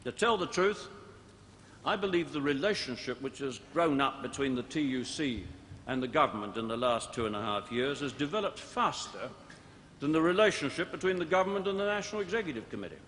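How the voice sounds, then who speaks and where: A man in his sixties, a politician delivering a formal conference speech with measured, deliberate oratory and emphatic repetition. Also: mid-range voice, lively intonation, a bit bright. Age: 60s. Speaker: politician addressing a party conference. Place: large indoor conference hall. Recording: archive broadcast, long hall reverb, faint noise.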